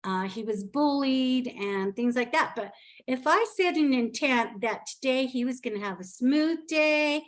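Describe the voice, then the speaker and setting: A woman's voice: high-pitched, animated, a little slow. A middle-aged woman telling a personal story on a video call, heartfelt and open. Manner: heartfelt, tearful near the end. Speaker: speaker sharing her story.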